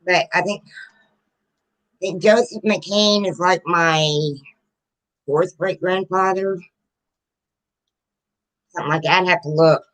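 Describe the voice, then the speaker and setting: A guest joins a live stream and chats casually about family keepsakes in an earnest, easygoing way, often dropping "like" into the talk. The voice sits at an ordinary middle pitch. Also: fairly even intonation, slow, pauses often, a bit bright, low-quality recording.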